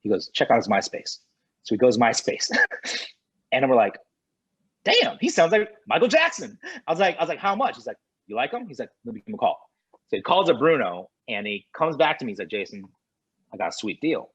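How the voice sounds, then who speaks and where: A man guest on a podcast, telling a lively anecdote and acting out the dialogue of others. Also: medium pitch, a little fast, breathy edge, highs cut off. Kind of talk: animated storytelling in conversation.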